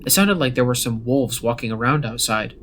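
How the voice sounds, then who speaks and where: A man telling a first-person horror story as scripted narration, in a steady, measured way. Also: medium pitch, slight background noise. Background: faint background music.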